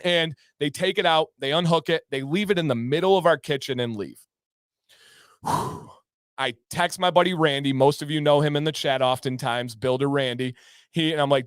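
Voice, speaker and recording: A man's voice: fairly high pitch, fairly quick, smooth, dry recording. A man hosting a livestream, telling a long exasperated story to his chat with jokey asides. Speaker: livestream host. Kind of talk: casual storytelling to a live chat.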